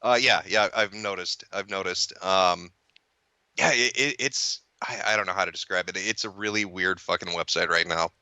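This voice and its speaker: Male commentator, low-pitched with a sharp, bright tone, casual profane rambling, dry close sound. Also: normal speed, clear, resonant tone, no room sound. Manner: rambling, profane, frequent restarts. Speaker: internet video commentator. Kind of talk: casual podcast chat.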